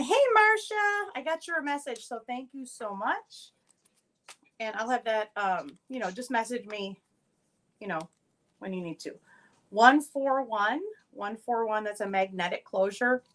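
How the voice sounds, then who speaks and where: A chatty, upbeat woman hosting a live jewelry sale, showing pieces and greeting viewers by name. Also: medium pitch. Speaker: live-stream jewelry seller. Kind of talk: casual live-sale chat.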